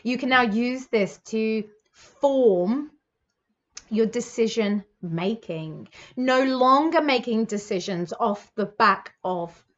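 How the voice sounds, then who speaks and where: A British woman in her thirties reads tarot, her voice pitched a touch high and gushing with encouragement. She leans on fillers as she reassures the listener. The sound is a little dull and lo-fi. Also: lively intonation, slow. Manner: warm, effusive, reassuring, with many fillers. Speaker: psychic tarot reader. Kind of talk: monthly tarot reading to camera.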